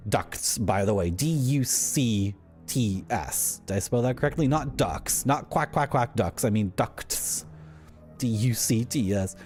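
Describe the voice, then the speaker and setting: Man, lowish voice, rambling wry streamer chat, faint music behind. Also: darkish tone. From Southern Ontario, Canada. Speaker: game streamer. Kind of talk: casual gameplay commentary.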